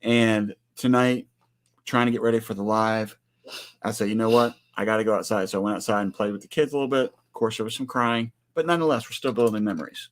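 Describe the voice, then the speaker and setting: A man in his forties with a fairly low voice, hosting a relaxed livestream chat. He speaks earnestly, greets viewers one by one and teases his co-host now and then. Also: fast. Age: 40s.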